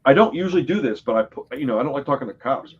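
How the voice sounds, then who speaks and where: A man hosting a podcast in casual chat, telling stories with lively acted-out quotes. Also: medium pitch, rapid-fire, slightly rough, highs cut off. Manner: animated storytelling, acts out quotes loudly. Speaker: podcast host.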